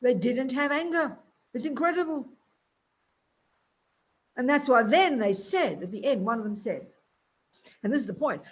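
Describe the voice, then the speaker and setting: A woman's voice: high voice, lively intonation, normal speed, pauses often, slight background noise. Blunt, emphatic woman Buddhist teacher.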